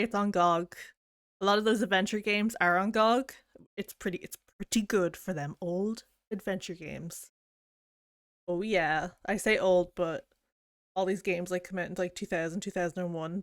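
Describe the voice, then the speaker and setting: A woman's voice: mid-range voice, no echo, studio quality. A woman streamer chatting casually with viewers, rambling and self-deprecating with plenty of giggles. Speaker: game streamer. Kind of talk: casual chat.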